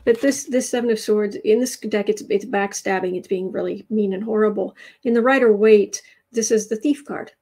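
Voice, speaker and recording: A woman giving a casual livestreamed tarot reading, drawing her words out and dropping into soft, near-whispered asides. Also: medium pitch, moderate pace, few pauses. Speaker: tarot reader.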